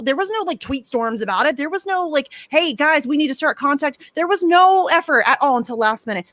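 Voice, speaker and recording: A woman's voice: high voice, fairly bright tone, dry recording. A young woman ranting with heat and sarcasm, swearing freely in a livestream chat. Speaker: guest. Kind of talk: heated livestream talk.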